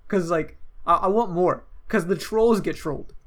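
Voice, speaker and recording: A young man on a podcast telling a story in casual chat, animated and swearing freely as he acts out what others said. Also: high-pitched, normal speed. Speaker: podcast co-host.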